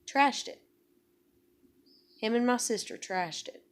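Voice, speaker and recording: A woman at home telling a personal story in a rambling, casual way, swearing often and filling pauses with "like" and "you know". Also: on the high side, slight background noise. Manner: rambling, profane, full of fillers. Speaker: vlogger. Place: home with a kitten nearby.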